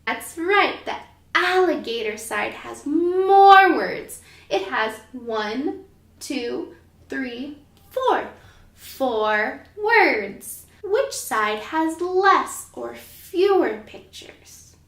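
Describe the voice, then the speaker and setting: A woman teaching young children letter sounds, speaking in a slow, sing-song, encouraging way. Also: high voice, lively intonation, fairly bright tone. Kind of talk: children's phonics lesson. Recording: echoey room, mic at a distance.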